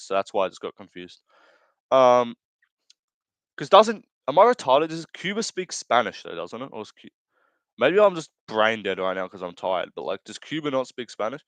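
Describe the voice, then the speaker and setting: A man's voice: medium pitch, sing-song, a little fast, dry recording. A young man hosting a live stream, reading chat aloud in casual commentary, rambling through crude jokes, laughing often and correcting himself. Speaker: livestream host.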